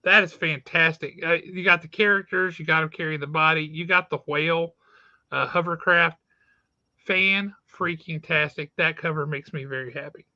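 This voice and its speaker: An excitable man gushing in casual chat about comics, his voice high and very bright. The sound is dry and a little dull, with no room around it. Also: a little fast, no room sound. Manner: enthusiastic, exclamatory. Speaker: podcast co-host.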